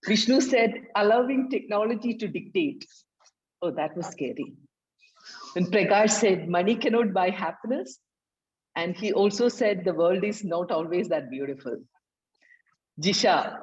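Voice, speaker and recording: A woman reads out a grammarian's report at a club meeting, stopping often to search for words. Her pitch sits in the middle of the usual range. The sound is dull and lo-fi, like an online call. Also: a little mellow. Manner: halting, with frequent fillers.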